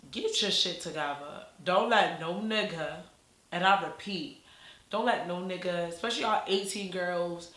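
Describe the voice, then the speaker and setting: A young woman spins a casual story, swearing freely and circling back as she talks. Her voice is bright and sharp-edged. The room around her echoes noticeably. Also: lowish voice. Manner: rambling, profane, restarts often. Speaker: vlogger.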